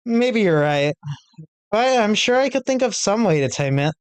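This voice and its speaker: A man's voice: sits high, expressive, normal speed, clean tone, no echo. A man voicing a poised, confident teenage girl club president in a playful, teasing way. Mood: coy. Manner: playful, teasing, gently coy.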